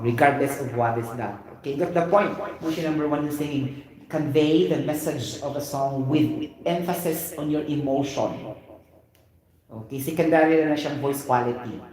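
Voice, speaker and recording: Man, lecturer, animated and chatty, raised pitch, heavy room reverb. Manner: lively, mixes in Cebuano phrases, repeats "okay" and "you get the point". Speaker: teacher. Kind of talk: classroom lecture. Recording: very echoey room.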